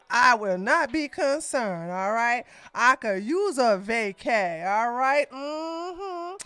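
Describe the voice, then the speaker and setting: A woman's voice: high voice, pushed and bright, no echo, exaggerated voice. A woman putting on a flamboyant, sassy man just out of jail, campy and drawling. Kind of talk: mocking podcast impression.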